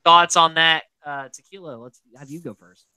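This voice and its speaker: A man hosting a casual podcast recap, animated and acting out the quotes of people he describes. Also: normal speed, smooth. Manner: animated, acts out quotes with big pitch jumps. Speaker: podcast host.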